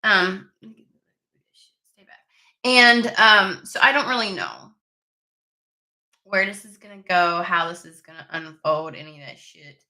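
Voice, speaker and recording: Casting: woman host, bright tense voice, irritated cursing chat at home. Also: lowish voice, lively intonation, measured pace. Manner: profane, irritated, rambling. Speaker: tarot reader channel host. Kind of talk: casual chat to camera. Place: home room with desk and window. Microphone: camera mic.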